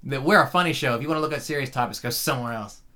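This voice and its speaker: A man's voice: mid-range voice, racing. A young man hosting a casual podcast chat, laughing and swearing as he tells stories. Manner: laughing, swearing, animated storytelling. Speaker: podcast host.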